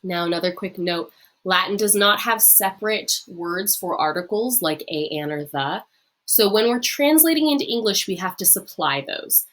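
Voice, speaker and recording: A woman teaching a recorded online lesson, pronouncing phrases slowly for learners to repeat and explaining them in a friendly way with some fillers. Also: mid-range voice, expressive, a bit bright. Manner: slow, drawn-out modelling of phrases to repeat. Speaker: Latin teacher.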